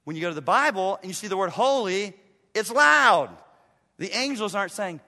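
A man preaching a passionate sermon as pastor, swinging between loud emphasis and hushed asides in a church. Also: sits high, lively intonation, fairly quick, big-room sound. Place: church sanctuary.

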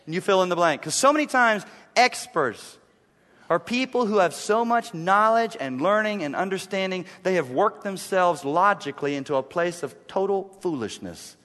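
A male pastor preaching a sermon in a church, emphatic, repeating key lines and dropping to a low, intense hush. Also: animated, normal speed, long reverb tail. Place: church sanctuary.

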